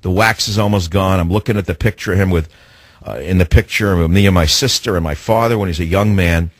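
A man's voice: deep voice, brisk, dry recording. An older man hosting a talk radio show, ranting in a scornful, impassioned monologue from his radio studio.

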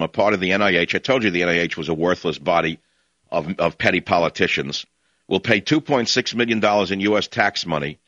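A man's voice: low voice, pushed and bright, no room sound. A man hosting a talk radio show, delivering an opinionated monologue with a sarcastic, combative edge, heard over muffled lo-fi broadcast audio.

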